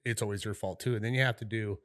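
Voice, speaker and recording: A middle-aged man with a fairly low voice co-hosts a podcast, telling a story in an easygoing, rambling way. He swears freely and keeps checking in with "right?" and "you know" as he goes. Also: steady tone, fast, fairly bright tone, clear, resonant tone. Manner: laid-back, profane, rambling with fillers like "right?" and "you know". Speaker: podcast co-host. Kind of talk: casual storytelling chat.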